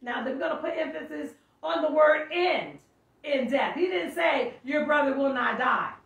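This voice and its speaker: A woman's voice: sits high, moderate pace, a bit bright, lo-fi sound. A woman teaching a sermon, reading scripture aloud and stopping to explain it, often calling out. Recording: echoey room, mic far off.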